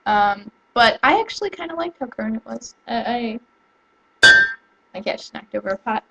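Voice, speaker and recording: A young woman chatting casually to camera at home, rambling and excitable, with lots of fillers and restarts. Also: a little high, normal speed, creaky, noisy background. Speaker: vlogger. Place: home room.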